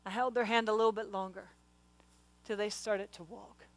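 A middle-aged woman preaching a sermon, her questions swelling into loud, urgent exhortation. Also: mid-range voice, fairly even intonation, normal speed, low-quality recording. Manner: passionate, rising to loud exhortation.

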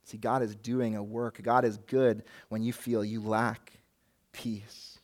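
A man's voice: on the low side, flat delivery, slow pace, a little mellow. A man preaching a sermon as pastor, earnest and rising and falling in force, with a light joke now and then. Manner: jokes lightly with the congregation.

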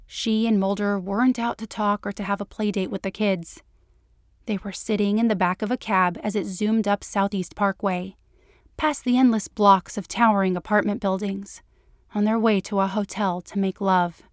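A woman narrates a story in a smooth, even manner. Her pitch sits in the middle and the recording is close and dry. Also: moderate pace, dry recording. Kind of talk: audiobook narration.

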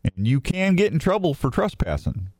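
A man's voice: on the high side, sing-song, moderate pace, darkish tone, no room sound. A man from Missouri hosting a radio show in casual, joking, rambling talk, a little sleep-deprived.

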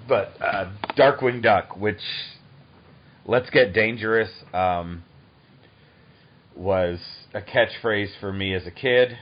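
A man in his thirties hosts a relaxed interview and talks eagerly, laughing often. His voice sits low, and the recording has a muffled, lo-fi sound. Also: slight background noise. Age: 30s. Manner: enthusiastic and chatty, quick to laugh. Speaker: podcast host. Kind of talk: casual interview chat. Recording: dull lo-fi recording.

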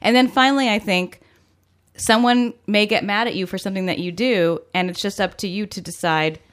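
A middle-aged woman co-hosting a chat show, giving measured, thoughtful opinions. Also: medium pitch, a bit bright. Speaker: podcast co-host. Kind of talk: casual chat.

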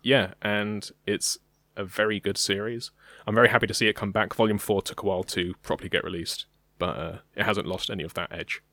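A man's voice: fairly low pitch, steady tone, a little fast, pushed and bright, no echo. A young British man co-hosting a podcast, talking casually and hesitantly, with many ums. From Britain. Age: young adult. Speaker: podcast co-host. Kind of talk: casual chat.

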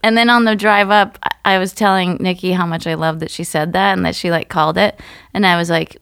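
A woman's voice: on the low side, brisk, creaky, no echo, studio quality. A young woman co-hosting a casual chat podcast, telling stories with lots of laughter. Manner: animated storyteller, laughs a lot. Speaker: podcast co-host.

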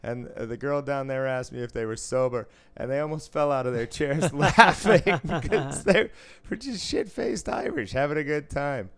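A man's voice: fairly high pitch, normal speed, few pauses, fairly bright tone. A man from the area, telling rambling, profane stories in casual chat and laughing often. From Boston area, US. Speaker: podcast co-host, casino dealer.

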